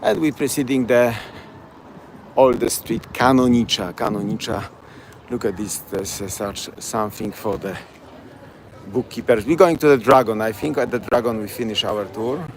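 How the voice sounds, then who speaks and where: A man's voice: mid-range voice, normal speed. Polish man guiding a night street tour. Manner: chatty, broken English, repeats place names. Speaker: tour guide. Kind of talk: live-streamed walking tour. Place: outdoors on city streets at night. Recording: street noise behind.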